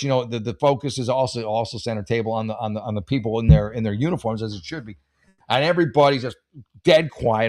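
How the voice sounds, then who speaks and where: A middle-aged man, a stand-up comedian, telling a rambling, profane, self-mocking story in casual chat. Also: medium pitch. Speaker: comedian hosting a podcast.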